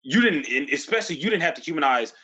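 Lively, emphatic ranting man. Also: on the high side, quick pace, breathy edge. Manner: emphatic, ranting, profane, repeats phrases for force. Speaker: podcast host. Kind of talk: casual podcast conversation.

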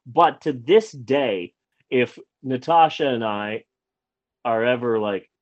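A man's voice: medium pitch, slow pace, no echo, highs cut off. A man casually telling a long personal anecdote as a podcast host, rambling with restarts and acting out what people said. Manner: animated, acts out quoted lines.

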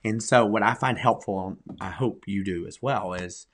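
An earnest pastor talks in a relaxed church podcast, his voice sitting a little low. He leans on key words and repeats them for emphasis, steady and sincere. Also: moderate pace. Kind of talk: conversational church podcast talk.

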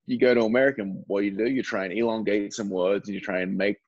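A man's voice: lowish voice, steady tone, fast talker, dry recording, highs cut off. A young Australian man chatting as a guest in an interview, rambling with lots of fillers and restarts. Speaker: baseball relief pitcher, guest. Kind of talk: casual interview chat.

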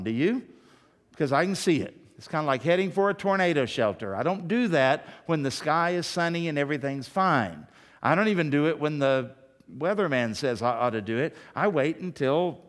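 A middle-aged man preaching a sermon, telling folksy stories and swinging between loud bursts and hushed asides. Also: fairly high pitch. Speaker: pastor.

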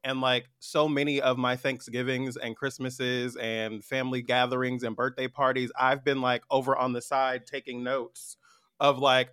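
A man chatting as a podcast guest. He has a bright, lively voice and acts out phrases with a lot of energy. The recording is close and dry, with no room sound. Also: mid-range voice, normal speed, clean tone, no echo. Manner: animated storyteller, acts out quoted phrases. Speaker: co-author guest. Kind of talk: casual podcast conversation.

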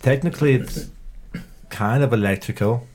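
A man's voice: mid-range voice, normal speed, darkish tone, a little hiss or hum. A man playing a tabletop role-playing game, joking in a fussy, stammering manner. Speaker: player.

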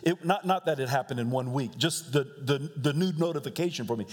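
Male pastor, sermon, casual joking delivery, middle pitch, long church-hall reverb. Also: a little fast. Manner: joking, conversational, laughs often. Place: church sanctuary.

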